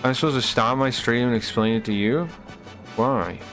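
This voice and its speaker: A man's voice: medium pitch, normal speed, fairly bright tone, soft background music. A man streaming live, chatting casually with his viewers in rambling, profane rants that keep breaking off and restarting.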